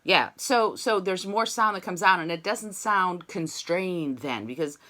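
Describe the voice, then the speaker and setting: Woman, voice teacher, bright clear tone, video-call lesson, sings little demos between explanations. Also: on the low side, lively intonation, unhurried. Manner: demonstrates sung syllables between explanations. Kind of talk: online singing lesson.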